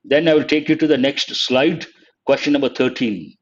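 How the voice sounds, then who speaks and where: A man's voice: mid-range voice, moderate pace, dull audio. A man, teaching an exam-prep lecture online, quizzing students and spelling words letter by letter. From India. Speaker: English teacher.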